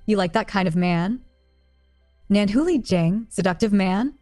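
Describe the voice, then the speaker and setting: A woman reading a gentle, teasing young man. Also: mid-range voice, lively intonation, measured pace, soft background music, lightly acted. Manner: plain read-aloud voice, barely changed from narration.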